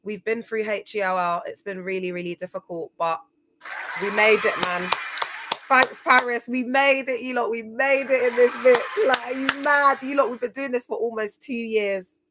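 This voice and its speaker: A woman's voice: a little high, fairly even intonation, normal speed, heavy background noise. A young woman hosting a motivational livestream, talking in an emphatic, chatty way with slang and repeated phrases. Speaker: livestream host. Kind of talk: casual motivational livestream talk.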